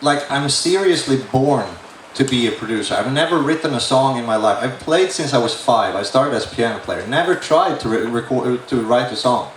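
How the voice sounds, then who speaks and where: A man's voice: mid-range voice, expressive, normal speed. Blunt middle-aged man in an echoey room. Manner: blunt, opinionated, frank with dry humor. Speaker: record producer. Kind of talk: panel discussion. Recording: echoey room, distant mic, faint noise.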